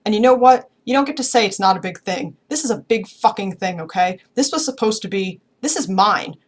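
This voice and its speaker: A woman's voice: mid-range voice, animated, a little fast, natural voice. Brief: a woman voicing a bitter, sweary teenage boy, angry and hurt, read from a novel.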